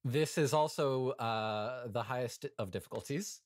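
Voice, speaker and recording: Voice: mid-range voice, unhurried, no room sound. A game master narrating a live tabletop game, describing scenes casually through laughter.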